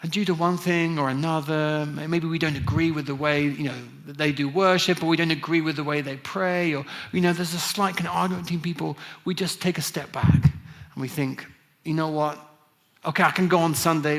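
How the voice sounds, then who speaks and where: A man's voice: a little high, fairly bright tone. Man preaching a chatty sermon. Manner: conversational, many restarts and fillers.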